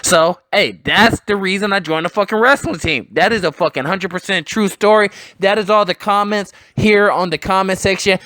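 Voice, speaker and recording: Man, higher-pitched voice, blunt, swears constantly, rambling vlog chat, dry close sound. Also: moderate pace, few pauses, pushed and bright, no room sound. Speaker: sports vlogger answering comments. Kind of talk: casual profane chat.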